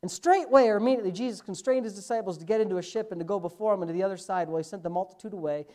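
A man preaching a sermon as pastor, emphatic, slipping from quick asides into loud, drawn-out stresses. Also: sits high.

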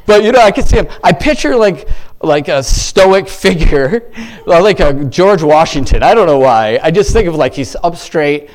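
A lay speaker gives a loose devotional talk to a church group, his male voice sitting a little high with lively intonation at a normal speed. He rambles, cuts himself off mid-sentence, and keeps breaking into exclamations of praise.

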